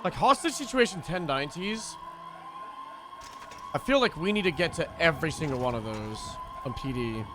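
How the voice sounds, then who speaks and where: A man's voice: fairly high pitch, lively intonation, normal speed, background noise. A young man streaming a roleplay game, chatting casually in loose slang and swearing freely. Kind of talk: casual chat while roleplaying.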